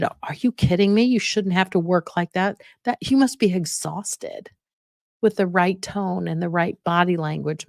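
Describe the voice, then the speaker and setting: A woman's voice: on the low side, gravelly, no room sound, studio quality. A middle-aged woman hosting an instructional podcast, talking directly and coaching her listeners, repeating her key points. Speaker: podcast host.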